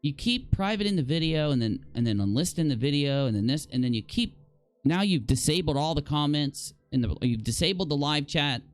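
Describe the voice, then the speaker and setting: Exasperated live-stream host reading comments. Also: male voice, fairly high pitch, lively intonation, brisk, no echo, faint music behind. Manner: exasperated, incredulous, rambling with sighs and repeated exclamations. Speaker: podcast talk show host.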